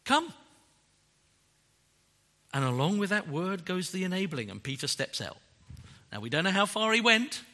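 A man preaching a sermon, emphatic and animated, often tagging rhetorical questions onto his points. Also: high voice. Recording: long hall reverb.

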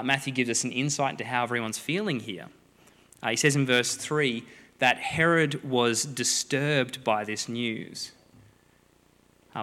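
A man preaching a sermon, a lively, joking storyteller who acts out the people in the story. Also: mid-range voice. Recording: long hall reverb.

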